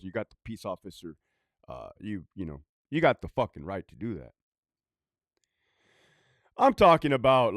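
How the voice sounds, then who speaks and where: A man's voice: fairly low pitch, no room sound, clean studio sound. A man who is a former prison guard, ranting profanely in a casual vlog, rambling and often laughing.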